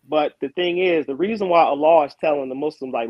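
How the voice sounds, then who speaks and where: Man, casual debate talk, loose and repetitive, slightly high voice, dry dull call audio. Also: a little fast, no echo. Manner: loose, conversational, repeats words. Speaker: Muslim caller in a debate.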